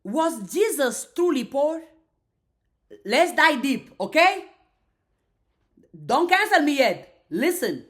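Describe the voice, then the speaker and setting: A woman's voice: sits high, very animated, slow pace, pauses often, a bit bright. A woman giving an emphatic motivational faith talk on a live stream, repeating herself and restarting lines as she goes. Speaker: faith and mindset creator.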